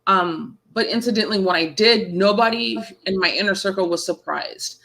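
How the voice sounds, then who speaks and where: A horror author in her thirties tells stories casually during an interview, animatedly acting out the voices of people she quotes. She speaks at medium pitch and moderate pace with vocal fry, on a rough recording.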